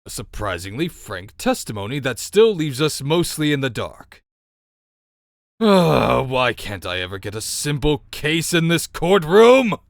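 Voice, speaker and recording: A man's voice: medium pitch, big pitch swings, measured pace, creaky. A man voicing a weary old courtroom judge in game dialogue, dry and exasperated in a mock-formal way.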